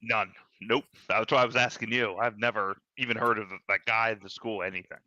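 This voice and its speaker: A man's voice: lowish voice, steady tone, brisk, bright, forceful tone, no room sound, lo-fi sound. A man joining a podcast as a guest, chatting casually with dry banter. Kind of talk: casual chat.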